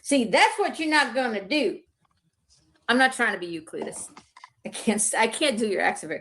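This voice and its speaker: High-voiced, joking woman podcast host. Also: moderate pace. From northern US. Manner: animated, profane, joking. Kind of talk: casual commentary.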